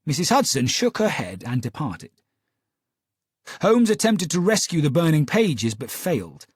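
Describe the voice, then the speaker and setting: A man reading a story aloud in a measured, expressive style. His slightly husky voice moves with lively intonation and sits a little high. The recording is close and dry. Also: dry recording. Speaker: audiobook narrator. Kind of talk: scripted narration.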